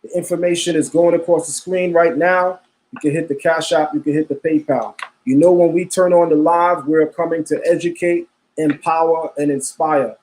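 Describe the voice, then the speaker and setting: A man's voice: a little high, fairly even intonation, moderate pace, darkish tone. A man hosting a live stream, talking casually, repeating himself and calling his viewers family. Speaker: livestream host.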